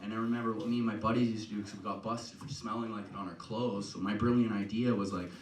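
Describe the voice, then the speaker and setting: A man's voice: lowish voice, steady tone, fast. A man from Canada doing a profane, rambling stand-up set, tagging his lines with "right?" and "you know?". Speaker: stand-up comedian. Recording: echoey live room, mic heard from a distance, loud noise. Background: loud audience laughter.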